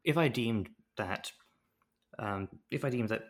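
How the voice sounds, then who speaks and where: This podcast co-host speaks in a lowish voice at a measured pace while chatting casually about a TV episode. He's animated and jokey, slipping into different voices to act out quotes.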